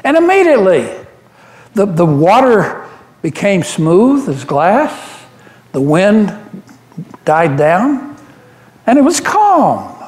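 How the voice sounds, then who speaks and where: A man's voice: high voice, slow, long pauses, exaggerated voice. A man playing the apostle Peter, an earnest, devoted fisherman telling his memories in a first-person monologue during a church service. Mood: awed. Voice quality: earnest, animated storyteller with frequent restarts. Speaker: church member giving a dramatic monologue. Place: church sanctuary. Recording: roomy church echo.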